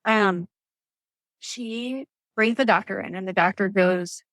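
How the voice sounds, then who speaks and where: A woman, telling her birth story as a podcast guest in an animated way, acting out quotes. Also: medium pitch, slow, no room sound. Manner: animated storytelling, acts out quotes, laughs often. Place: Atlanta area.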